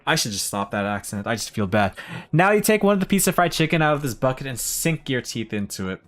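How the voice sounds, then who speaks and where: A man's voice: mid-range voice, big pitch swings, quick pace, a bit bright. A man streaming a game, reading it aloud and chatting casually in a goofy, self-deprecating, slangy way.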